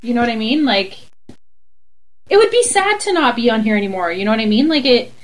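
Bubbly high-voiced Canadian woman. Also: animated, quick pace. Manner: bubbly, laughs often, swears freely. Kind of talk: casual chat.

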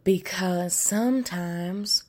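A woman's voice: on the low side, extremely slow, mellow. A woman playing a stern, exasperated support group leader in a comedy sketch.

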